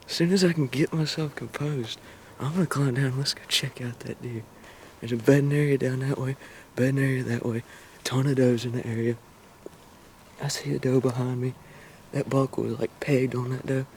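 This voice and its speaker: A man with a Southern US accent telling, in a hushed and then excited voice, how a hunt went, from a tree stand in the woods. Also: mid-range voice, normal speed, slight background noise. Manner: excited, breathless storytelling. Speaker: hunter filming his hunt. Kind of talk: whispered hunting vlog narration.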